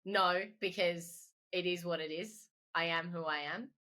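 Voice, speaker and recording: A woman's voice: lowish voice, steady tone, measured pace, bright, forceful tone. A woman with an Australian accent, a wedding photographer chatting as a podcast guest, joking and laughing often. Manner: laughs often, playful and jokey. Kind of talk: casual chat.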